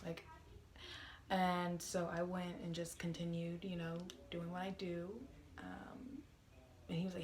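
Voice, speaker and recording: A woman's voice: lowish voice, monotone, moderate pace. A young woman telling a work story to her camera in a chatty, exasperated way, full of fillers. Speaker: vlogger. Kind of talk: casual storytime vlog.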